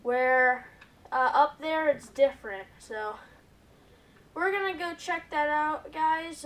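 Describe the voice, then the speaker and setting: A woman hosting a gaming video, giving excitable gameplay commentary and often calling out to her viewers. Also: sits high, slow, recorded from a distance. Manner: excitable, keeps addressing viewers as "guys".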